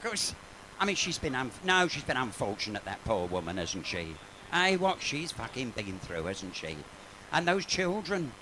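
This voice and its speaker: A man's voice: mid-range voice, very animated, normal speed, noisy background. A man doing live bawdy comic patter in a pub, camp and gossipy, and he swears freely. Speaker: cabaret comedian and singer. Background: piano accompaniment.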